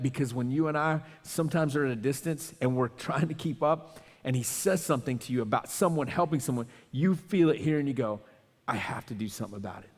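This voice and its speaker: A man preaching a sermon as a pastor, telling a story with animated, acted-out quotes and then praying quietly. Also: mid-range voice, big-room sound.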